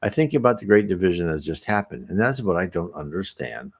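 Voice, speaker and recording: Confused ghost of a freshly dead man, pleading and lost, read aloud by a man, low lively voice. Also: fast, husky, full character voice. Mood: bewildered. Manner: bewildered, pleading.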